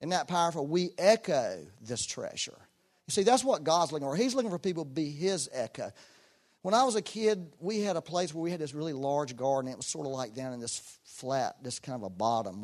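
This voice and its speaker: A man preaching a sermon in a folksy, emphatic way, with loud bursts and joking asides. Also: mid-range voice. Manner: folksy, self-deprecating asides.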